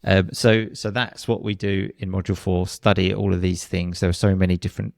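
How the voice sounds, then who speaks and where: Gravelly low-voiced man teaching pronunciation. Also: flat delivery, a little fast, a little mellow, no echo, clean studio sound. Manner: demonstrates pronunciation by repeating words with shifted stress; frequent restarts and hesitations. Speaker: English pronunciation teacher, podcast guest. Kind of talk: explaining a course in an interview.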